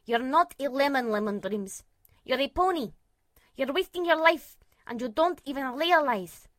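A steady, trustworthy male pony therapist in a storybook, firm and insistent with his frightened patient, as a woman narrator voices him. The delivery is dry and close, with a fairly high voice for a stallion. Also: a little slow, dry recording. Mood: urgent. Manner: steady, insistent, at times whispering.

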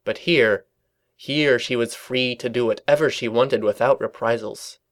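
Male narrator for a storybook reading, even and dry, medium pitch. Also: a little slow. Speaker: reader.

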